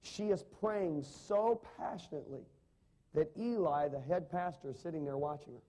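Male pastor, sermon, slightly high mellow voice, dramatic emphasis, questions to the congregation. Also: normal speed.

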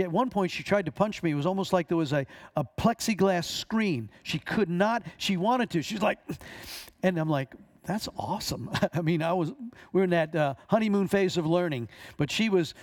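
A middle-aged man teaching a class on deliverance ministry, telling animated stories and acting out the voices in them. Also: high-pitched. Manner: animated storyteller, acts out voices in his stories.

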